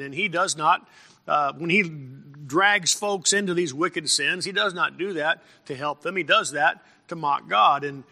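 A man delivers a sermon from the pulpit in a gravelly, sharp-edged voice. He clears his throat often and stumbles over repeated words as he builds his points. His voice rings out with the long reverb of a church hall. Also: a little high. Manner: frequent throat clearing and repeated false starts. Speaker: pastor.

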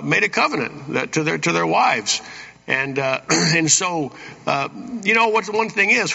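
A man's voice: on the high side, gravelly, bright, forceful tone. A man preaching a sermon in a church, reading verses and asking the congregation "Amen?" between points. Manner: folksy preaching with frequent "Amen?" asides. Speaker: pastor. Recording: dull reverberant church hall sound.

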